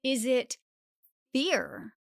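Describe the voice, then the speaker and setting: Young female podcast host, self-help monologue, chatty and animated, slightly high, dry close sound. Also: drawn-out words, gravelly, no room sound. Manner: animated, acts out inner voices with filler "like".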